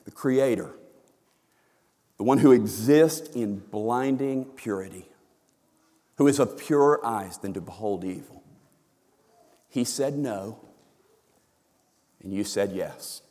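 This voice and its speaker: A man preaching a sermon, swinging from hushed, low lines to loud, emphatic ones. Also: slow pace, pauses often. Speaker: pastor. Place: church sanctuary. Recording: long reverb of a church hall.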